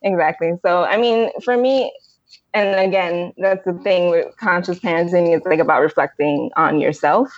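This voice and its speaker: A woman guest who coaches parents, giving advice in a relaxed, reflective way. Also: on the low side, normal speed, no room sound. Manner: relaxed, reflective, laughs easily. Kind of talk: casual advice chat. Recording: dry, muffled lo-fi audio.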